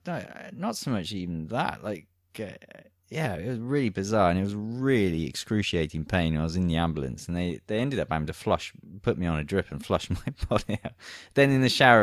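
A man with a deep, low voice tells stories from his army days in a loose, animated way. He often laughs as he talks. His voice sounds close and dry, with little room sound. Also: dry recording. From Britain. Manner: animated storyteller, laughs through anecdotes. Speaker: podcast host. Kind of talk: casual chat.

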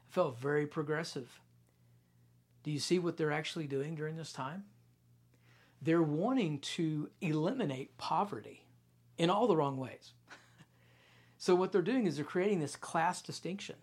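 A man in his thirties, a pastor preaching a sermon in a conversational, storytelling way that drops into quiet, intense stretches. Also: a little high, normal speed, pauses often, husky.

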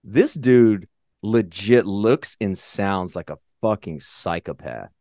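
A man co-hosting a podcast, chatting casually and profanely about movies in a rambling, animated way. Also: on the low side, slow, no room sound, studio quality. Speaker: podcast co-host.

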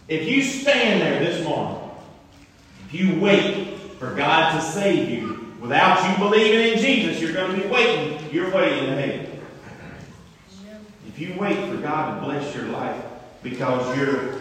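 A man preaching in a church, swinging from low pleading to loud exhortation. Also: lively intonation, measured pace. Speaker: pastor. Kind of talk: sermon. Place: church sanctuary. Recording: echoey hall, mic from far off.

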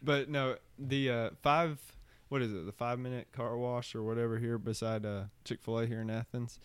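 A man co-hosting a podcast in casual chat, relaxed and halting, with plenty of fillers and laughs. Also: medium pitch, smooth, dry recording. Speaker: podcast co-host.

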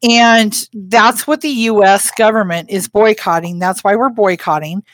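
A woman co-hosting a casual podcast talks slowly and rambles, pausing on fillers as she gropes for words. Her voice sits at a middle pitch and sounds close and dry, with no room around it. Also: dry recording. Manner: rambling, hesitant, many fillers. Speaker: podcast co-host. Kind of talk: casual chat.

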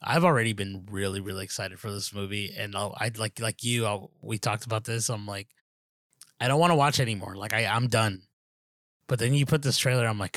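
Rambling low-voiced man chatting. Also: fairly quick, fairly bright tone, no room sound, clean studio sound. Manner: rambling, many fillers and restarts, says dude and bro. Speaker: podcast co-host. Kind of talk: casual chat.

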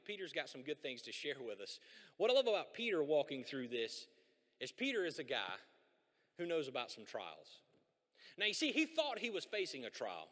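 A man preaching a sermon as a pastor, animated and conversational, with folksy asides. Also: sits high. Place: church sanctuary. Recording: long hall reverb.

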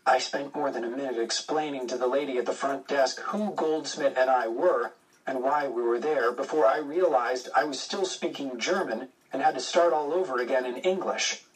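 A man reading a first-person adventure story aloud, with steady, measured narration. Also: medium pitch, recorded from a distance, poor audio. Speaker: audiobook narrator.

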